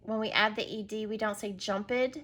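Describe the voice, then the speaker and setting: A woman's voice: mid-range voice, completely flat delivery, fast, a bit bright. A woman teacher giving a recorded reading lesson to young children, patiently prompting and spelling words out letter by letter.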